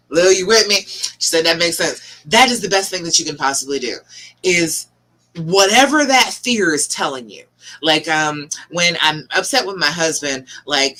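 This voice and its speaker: A middle-aged woman hosts a live advice stream as a relationship coach. Her voice is bright and swings widely in pitch as she coaxes and presses her points, calling her viewers by name. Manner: emphatic, coaxing, talks straight to viewers by name.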